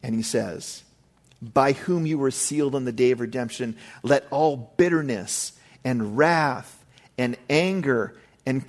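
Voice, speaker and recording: Casual preaching middle-aged man. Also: mid-range voice. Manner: casual, conversational preaching with asides. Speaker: pastor. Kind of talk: sermon.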